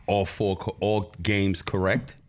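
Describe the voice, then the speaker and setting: A man talking basketball on a casual podcast, animated, cursing and laughing as he gets excited. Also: on the low side, takes it slowly. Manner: animated, swears, laughs often, rises when excited. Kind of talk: casual sports chat.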